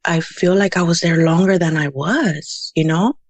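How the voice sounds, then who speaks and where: Her voice is on the low side and moves at normal speed, with no echo. She's a Houston woman in her thirties, a podcast guest casually telling stories in an interview, full of "you know"s and scattered Spanish words.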